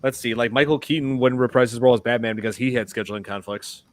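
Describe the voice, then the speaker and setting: Male podcast co-host, mid-pitched, loose rambling delivery, dry close-miked sound. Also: fast, no room sound. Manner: rambling, many restarts and fillers. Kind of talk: casual chat about a film.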